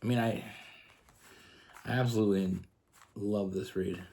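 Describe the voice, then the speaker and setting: A man's voice: lowish voice, fairly even intonation, measured pace, dark tone. A man from Canada giving a casual tarot love reading, earnest and rambling with frequent restarts. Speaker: tarot reader.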